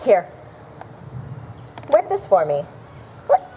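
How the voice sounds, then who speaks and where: A woman's voice: mid-range voice, huge pitch swings, slow, mellow, slight background noise, poor audio. A woman playing a proud, lovesick young countess, speaking verse earnestly. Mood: pleading. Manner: pleading, earnest verse delivery. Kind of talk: outdoor Shakespeare stage acting.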